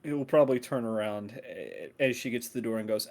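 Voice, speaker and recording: A man's voice: mid-range voice, lively intonation, a little fast, a little mellow. A man playing in a live tabletop game, joking and bantering with the table. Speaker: player. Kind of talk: casual tabletop play.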